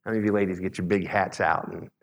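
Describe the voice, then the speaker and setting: A man preaching a sermon as pastor, emphatic, slowing on key words and asking the congregation questions. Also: sits low, fairly even intonation. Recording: long reverb in a large hall.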